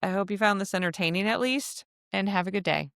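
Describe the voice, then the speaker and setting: A woman's voice: medium pitch, quick pace, fairly bright tone, smooth, dry recording, studio quality. A woman hosting a casual solo podcast, chatty and laughing often as she acts out little quotes. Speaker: podcast host.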